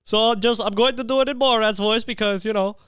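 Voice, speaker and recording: A man voicing Borat as a nervous man who talks in stiff, formal, halting phrases. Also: very high voice, wildly swooping pitch, pushed and bright, dry recording, clean studio sound, voice pushed up, full character voice. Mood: awkward nervous. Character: nervous man stuck in an exaggerated foreign comic-character voice.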